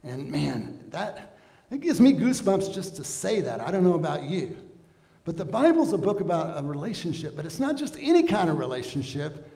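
Man, pastor, sermon, earnest, conversational, slightly high voice, echoey church hall. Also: big pitch swings, moderate pace, gravelly, mellow. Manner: earnest, conversational preaching with rhetorical questions.

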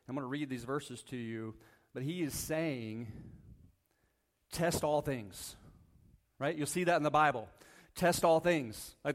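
A man preaching a conversational sermon as a pastor, reading Bible verses, often checking in with the congregation and joking lightly. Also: mid-range voice. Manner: casual, asks the congregation "right?" often, jokes lightly. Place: church sanctuary.

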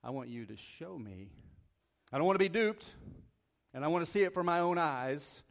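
Casual pastor preaching with frequent "right?". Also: male voice, on the high side, animated, normal speed, creaky. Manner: casual, asks the congregation "right?" often, jokes lightly. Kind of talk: conversational sermon with Bible reading. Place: church sanctuary.

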